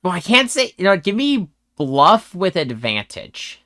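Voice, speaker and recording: A man's voice: high-pitched, very animated, bright, forceful tone, no room sound, clean studio sound. A man narrating as game master in a tabletop game, stopping and restarting often. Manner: halting, full of fillers and restarts.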